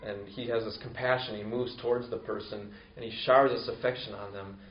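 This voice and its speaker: A man preaching a conversational sermon who acts out quoted voices with rising pitch. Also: steady tone, brisk, slight background noise. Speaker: pastor. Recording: roomy, distant, dull lo-fi sound.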